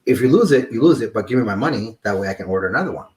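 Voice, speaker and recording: A man's voice: fairly low pitch, expressive, very fast, a little mellow. A man hosting a casual model-building stream, chatting and telling stories with lots of fillers. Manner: rambling storyteller, frequent fillers. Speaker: stream host. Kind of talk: casual chat.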